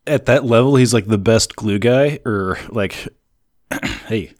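A man with a fairly low voice co-hosts a relaxed sports podcast. He teases his partner and laughs easily. The recording is dry and close to the mic. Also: slow pace, no room sound. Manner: laid-back, teasing, laughs often. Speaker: podcast co-host. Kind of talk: casual sports chat.

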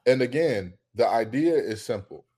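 Man, sports co-host, casual debate, heated, emphatic, gets loud when ranting. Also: medium pitch, lively intonation, normal speed, husky.

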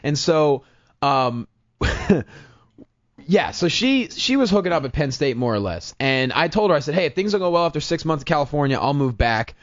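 A man's voice: fairly high pitch, normal speed. A man, a comedian, telling a self-mocking story in casual chat and acting out the voices in it. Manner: animated, self-mocking, acts out quotes. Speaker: comedian guest. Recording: dull lo-fi podcast audio.

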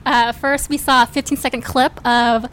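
A woman's voice: high-pitched, flat delivery, moderate pace, crowd noise. Precise, slightly formal woman co-host. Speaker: podcast co-host. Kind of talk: casual news roundup.

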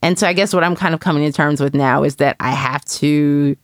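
A woman with a deep voice speaks briskly in casual conversation, candidly and reflectively telling a personal story as a mother and saying "you know" a lot. The sound is clean studio quality with no room sound.

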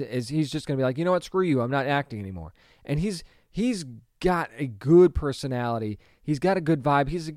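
A man's voice: on the high side, a little mellow, no echo, studio quality. A man in his thirties or forties giving opinionated solo commentary, emphatic and conversational, with lots of rhetorical questions. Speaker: pop culture commentator.

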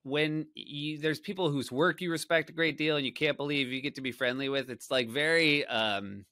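A man's voice: a little high, normal speed, bright, forceful tone, no echo. A man guest on a podcast, chatting casually and rambling with self-deprecating humor.

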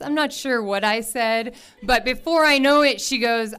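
A woman telling a personal story to an audience in an animated way, laughing often and acting out the voices of the people in it. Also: high voice, moderate pace, smooth. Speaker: storyteller at a live event.

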